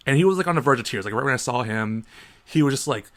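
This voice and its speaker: A man in his thirties co-hosting a casual podcast, an animated storyteller who acts out the people in his stories. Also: medium pitch, quick pace. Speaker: podcast co-host.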